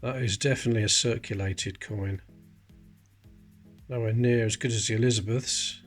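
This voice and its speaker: A man's voice: lowish voice, fairly even intonation, normal speed, faint music behind. Chatty man sorting coins. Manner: chatty, explains details while handling coins. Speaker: coin collecting channel host. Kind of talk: casual coin-sorting commentary.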